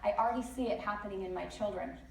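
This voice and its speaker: A woman speaker giving a lively motivational talk at a conference, telling stories with many chatty asides. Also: medium pitch, fast, gravelly. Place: large conference hall. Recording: echoey hall, distant mic, faint noise.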